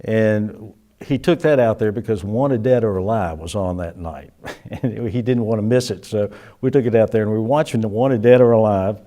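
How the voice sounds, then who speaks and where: A man's voice: on the low side, moderate pace, dark tone. An older man, a musician, reminiscing in a casual interview, rambling with many restarts and chuckles.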